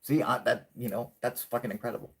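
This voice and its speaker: A man hosting a live stream, chatting casually and rambling with lots of swearing, saying he is high. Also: steady tone, fast talker, gravelly, a bit bright. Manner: profane, rambling, laughing often. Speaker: host.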